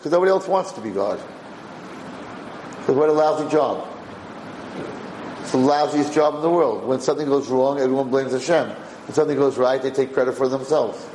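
A man giving a Torah class, lively and animated, often acting out the people he quotes. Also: medium pitch, a little fast, long pauses. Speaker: Torah teacher. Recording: roomy room echo, faint background hiss.

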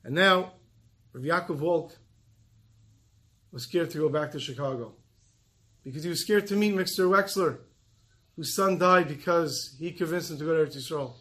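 Male preacher, earnest storytelling sermon, slightly high voice, slows for weight. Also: bright, forceful tone.

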